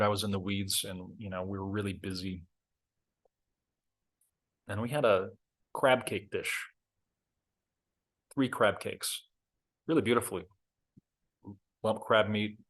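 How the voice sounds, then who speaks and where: A middle-aged man hosting a reflective talk, telling a story in a candid, self-deprecating way. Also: lowish voice. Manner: candid, self-deprecating, animated when reenacting. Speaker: host.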